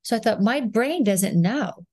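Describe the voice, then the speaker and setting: A woman in her sixties, an actress, talking as a guest in a podcast interview, telling stories in an animated way and acting out rhythms and sounds. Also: a little high, a little slow, no room sound. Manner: animated storyteller, acts out rhythms and voices.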